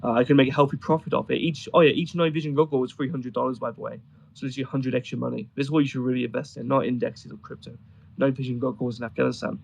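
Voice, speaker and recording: A man with a gravelly, rough-edged voice at a middling pitch, chatting casually. He tells rambling, amused stories full of ums and uhs. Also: level tone, fast talker, rough recording. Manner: rambling, amused storytelling with many fillers. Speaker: guest describing travels in Afghanistan. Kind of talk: casual conversation on a voice chat.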